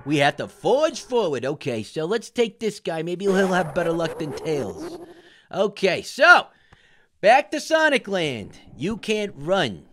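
A man's voice: high-pitched, very animated, unhurried, background noise. A man voicing a jittery, wisecracking talking orange who hosts cartoon game commentary, yelping and joking as he plays. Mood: wry. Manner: jumpy, yelps and shouts when startled, jokey asides. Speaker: gaming host. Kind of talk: cartoon let's-play commentary.

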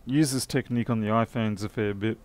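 A man's voice: lowish voice, fairly even intonation, fairly quick, darkish tone. A man talking through a circuit board repair live, thinking aloud in a methodical, muttering way. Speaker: electronics repair technician. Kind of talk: live repair stream commentary.

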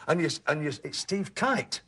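A man's voice: fairly high pitch, expressive, moderate pace, background noise. A man hosting a television game show, chatting with contestants in a jokey way and laughing at his own puns. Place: TV studio with a live audience.

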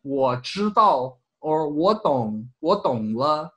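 A man hosting a casual language lesson, explaining in a relaxed, chatty way with lots of fillers. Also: a little high, slow. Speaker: language teacher. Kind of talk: casual teaching chat.

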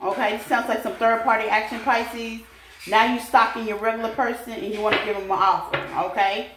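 A woman's voice: on the high side, fairly even intonation, fairly quick. A woman giving a casual, chatty tarot reading to her viewers, laughing often and calling them babies. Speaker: tarot reader. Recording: echoey room with faint noise.

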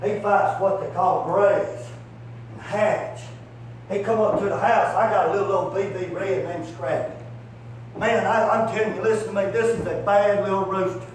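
A man's voice: high-pitched, fairly even intonation, moderate pace. A male evangelist preaching through folksy stories, rambling and peppering his talk with "man" and "buddy". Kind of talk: sermon with storytelling. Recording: echoey hall from far off, faint hum.

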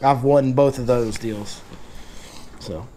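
A man's voice: mid-range voice, slow pace, warm tone, a little hiss or hum. A man hosting a casual fishing seminar, telling stories and joking in Southern slang. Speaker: fishing guide and seminar host.

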